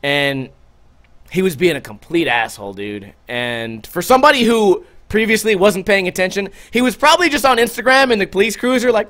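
A man's voice: sits high, brisk. A man hosting a casual podcast, telling a story in a loose, profane way and acting out the other people's lines. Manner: animated, profane storytelling with acted-out quotes. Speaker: podcast host.

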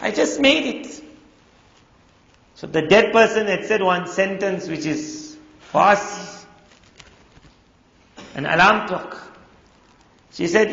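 A man's voice: high voice, a bit bright. A man preaching a sermon, telling stories and acting out the quoted voices. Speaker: Islamic preacher. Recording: echoey hall, dull lo-fi sound.

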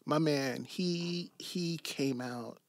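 A man on a podcast porch chat, telling lively stories and acting out the people in them, swearing freely. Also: fairly high pitch, very slow. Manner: animated storyteller, acts out voices, swears freely. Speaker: guest. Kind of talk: casual storytelling chat.

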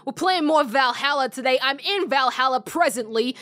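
A woman's voice: high-pitched, moderate pace, few pauses, sharp tone, dry recording. A woman hosting a let's play, chatting casually and giggling as she hums along to the game.

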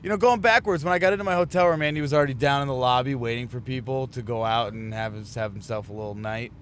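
A man's voice: mid-range voice, fairly even intonation, fast talker, a bit bright, a little hiss or hum. A man from a touring band's crew telling a rambling, profane road story in a casual chat inside a moving van. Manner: rambling, profane, self-mocking. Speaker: touring band crew member.

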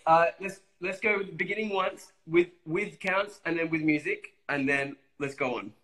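A man's voice, on the high side and fairly bright, moves at a moderate pace as he teaches a dance routine by video call. As an instructor, he counts steps aloud and scats them in sung syllables, and the room sounds very echoey.

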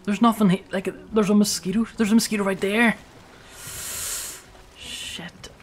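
Faint music sits behind this survival-game streamer, who talks to himself casually in a high-pitched voice at normal speed. Excitable and prone to jumping, he swears a lot as things go wrong.

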